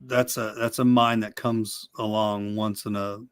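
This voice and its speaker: A man's voice: fairly low pitch, level tone, a little slow, clean tone. A man co-hosting a casual horror movie livestream, rambling with repeated words and lots of "dude" and "like". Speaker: livestream co-host.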